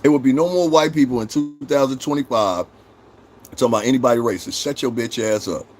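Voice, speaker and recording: Middle-aged male streamer, mid-pitched voice, blunt and abrasive, trash-talks his chat with nonstop swearing. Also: quick pace, darkish tone, slight background noise. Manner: confrontational, mocking, swears constantly. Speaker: livestream host. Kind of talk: profane live-stream rant answering chat.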